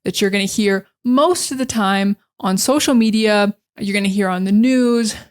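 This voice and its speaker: A young American woman with a standard accent, teaching in a casual, chatty monologue full of fillers and slow explanations. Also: medium pitch. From Northeastern United States. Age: young adult. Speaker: English teacher.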